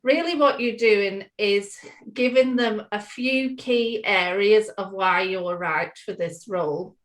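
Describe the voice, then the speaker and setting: A woman co-hosts a workshop over a video call, taking her time over every phrase. She is upbeat and practical, laughing easily as she gives advice, in a medium-pitched voice. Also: takes it slowly, rough recording. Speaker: workshop co-facilitator. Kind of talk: online workshop talk.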